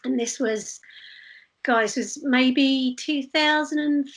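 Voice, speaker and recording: High-voiced woman telling stories. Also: slow pace, poor audio. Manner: animated, laughing storyteller. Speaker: street performer guest. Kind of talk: casual interview storytelling.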